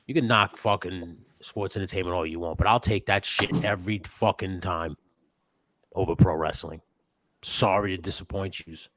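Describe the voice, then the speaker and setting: Deep, dry-voiced young man chatting loosely. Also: normal speed, fairly bright tone, no room sound. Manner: loose, profane, laughs and does mock wrestler voices. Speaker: podcast co-host. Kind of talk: casual wrestling chat.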